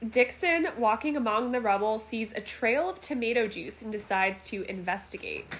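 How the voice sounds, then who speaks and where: A woman's voice: fairly high pitch, fairly bright tone, slight background noise. A woman co-hosting a casual podcast, reading out a movie plot summary and laughing often. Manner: giggly, reads plot summary between laughs. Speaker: podcast co-host. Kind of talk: casual movie recap chat.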